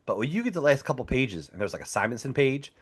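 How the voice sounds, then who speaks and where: Quick, lively man talking comics. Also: mid-range voice, husky. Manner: animated, blunt and enthusiastic. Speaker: podcast co-host. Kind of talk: casual chat reviewing comics and movies.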